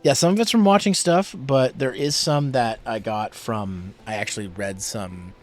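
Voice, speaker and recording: A man's voice: medium pitch, moderate pace, soft background music. A young adult man streaming a game, chatting casually and rambling with many fillers.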